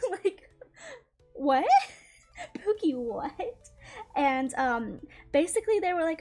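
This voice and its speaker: Brief: young Southern woman, high voice, chatty storytime streamer, laughs a lot, faint music under her. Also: big pitch swings, takes it slowly, long pauses. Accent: Southern American. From Southern United States. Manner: chatty, laughs often, lots of "like" and "dude". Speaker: streamer telling a story while drawing. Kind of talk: casual storytime chat.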